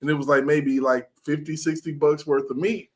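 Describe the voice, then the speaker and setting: Swearing, animated male podcast host. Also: a little high, moderate pace. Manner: animated storyteller, acts out quotes, swears freely. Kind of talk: casual chat.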